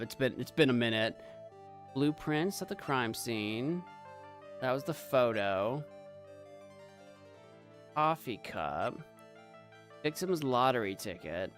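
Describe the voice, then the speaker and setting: A man streaming a game, giving playful, animated commentary and bantering with his chat. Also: mid-range voice, unhurried, pauses often, soft background music. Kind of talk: let's play commentary.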